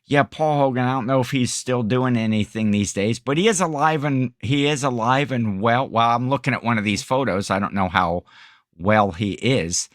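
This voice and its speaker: Middle-aged male podcast co-host, casual and rambling, quick to laugh, even mid-pitch voice. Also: dry recording, clean studio sound. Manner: rambling, laughs often, self-correcting. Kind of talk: casual chat.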